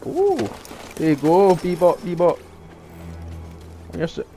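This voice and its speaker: Excitable swearing young gamer. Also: male voice, high voice, slow pace. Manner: excitable, profane, yells at the game. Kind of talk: live gameplay commentary. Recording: voice over loud game music.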